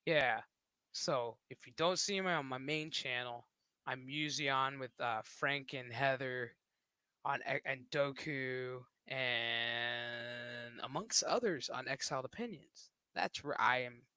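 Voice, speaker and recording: A man's voice: mid-range voice, takes it slowly, bright, forceful tone, smooth, dry recording. A man streaming who talks in a rambling, casual way, swearing and laughing often. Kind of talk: casual livestream chat.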